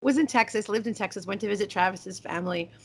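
Animated woman telling stories on a podcast. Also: mid-range voice, creaky, husky. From eastern United States. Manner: animated storyteller, quick asides. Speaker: podcast co-host. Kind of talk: casual podcast chat.

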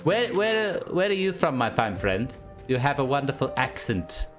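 A posh, scheming baby boy, as a man puts him on, haughty and mock-polite in a game voice chat. He sits at a middle pitch, with game music playing clearly behind. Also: lively intonation, moderate pace, fairly bright tone, natural voice. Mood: prim. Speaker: streamer. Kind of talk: online game chat in character.

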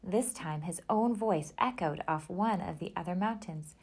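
A woman reading a children's picture book aloud in a gentle storytelling manner. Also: on the low side, moderate pace, hardly any pauses, slightly rough.

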